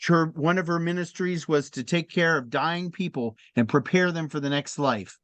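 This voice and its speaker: A middle-aged man telling stories in a conversational talk, animated and laughing often as he speaks. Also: a little high, normal speed, no room sound. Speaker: speaker in a faith discussion.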